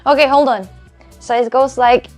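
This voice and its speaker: A woman's voice: sits high, fairly even intonation, moderate pace, darkish tone, soft background music. Rambling woman with a Russian accent. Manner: rambling, stammers and repeats words. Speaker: live streamer. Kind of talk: casual live-stream chat. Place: at home.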